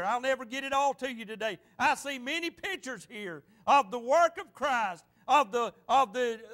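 A male pastor delivering a fervent sermon. His voice is high and bright with a sharp, forceful edge. He repeats phrases for emphasis and tells stories as he preaches. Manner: fervent, repetitive preaching with storytelling.

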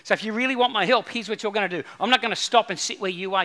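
A man delivers a sermon from the pulpit, building his points through repetition and voicing the people he quotes. His voice sits high and sounds sharply bright. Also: quick pace, few pauses. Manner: animated preaching with repeated phrases and acted-out quotes. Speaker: pastor.

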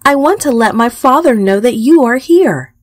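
Eager young shepherd girl, a lady putting on the voice, lively and high, dry sound. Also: normal speed, dry recording. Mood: excited. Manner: eager, breathless exclaiming. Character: excited young woman shepherdess.

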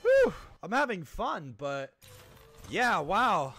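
A man with a very high, bright voice and a gravelly edge commentates a horror game live. He is excitable and stressed, swinging his lively pitch as he yells and swears at the screen. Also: moderate pace. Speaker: streamer.

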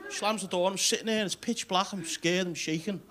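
A man's voice: high-pitched, fairly quick. A man performing a stand-up comedy set on a club stage, telling a crude story full of swearing and ribbing the audience. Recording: loud club crowd laughing.

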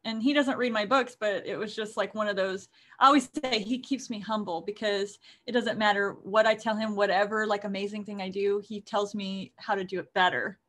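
A woman's voice: medium pitch, steady tone, brisk, few pauses, a bit bright. A woman author co-hosting a casual podcast, talking in a chatty, rambling way full of fillers. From United States. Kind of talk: casual chat.

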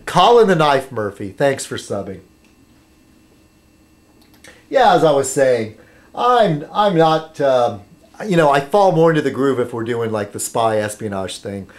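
Rambling man with a lively voice. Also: medium pitch. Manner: halting, with many fillers and restarts; chatty while sipping beer. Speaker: vlogger thanking subscribers. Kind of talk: casual rambling monologue.

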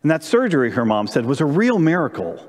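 Brief: lively male pastor, sermon storytelling, big church reverb. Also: a little high, quick pace. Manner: animated storyteller, asks congregation questions. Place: church sanctuary during live-streamed service.

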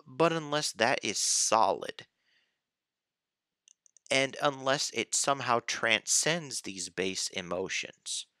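A man slowly thinking aloud in a casual philosophy discussion, hesitant, with restarts. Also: mid-range voice, lively intonation, bright, forceful tone, no echo, studio quality. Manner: slow, hesitant, with restarts and sighs.

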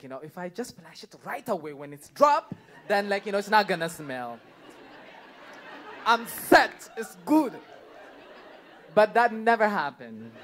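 A stand-up comedian doing a live set on a club stage, chatty and laughing along, with constant "like, you know" fillers. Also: mid-range voice.

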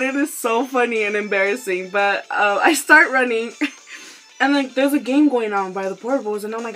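Young woman vlogging a story, kinda high voice, giggles a lot, swears, keeps saying sorry, faint music behind. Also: fairly quick, fairly bright tone, rough recording. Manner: giggly, breaks into laughter often; candid and profane, apologetic asides. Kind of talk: casual storytelling vlog. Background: faint instrumental music.

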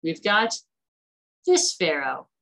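A woman teaching an online class in a chatty, animated way, acting out the characters as she retells stories. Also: deep voice, slow pace, slight background noise, low-quality recording.

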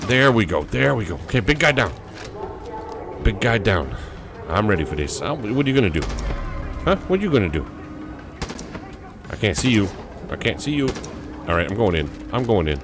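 A man's voice: fairly low pitch, big pitch swings, normal speed, pauses often, noisy background. A man with a cold giving frantic, jokey commentary while playing a video game. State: has a cold. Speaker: let's play gamer. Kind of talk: gaming commentary.

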